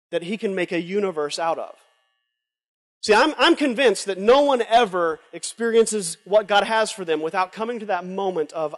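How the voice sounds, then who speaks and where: A man preaching a sermon at a conference, moving between loud urging and hushed confession before a live audience. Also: high voice, normal speed. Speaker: conference speaker. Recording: long hall reverb from a live event.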